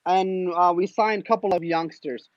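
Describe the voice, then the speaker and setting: A man's voice: sits high, steady tone, normal speed, no echo, lo-fi sound. A man speaking as a guest panelist, ranting in an exasperated way as a fan. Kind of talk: passionate fan rant.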